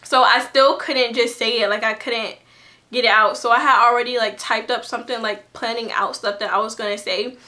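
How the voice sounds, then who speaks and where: A woman's voice: fairly high pitch, fairly even intonation, brisk, sharp tone. A young woman telling a personal story to her camera in a casual, chatty way, full of fillers and restarts. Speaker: vlogger.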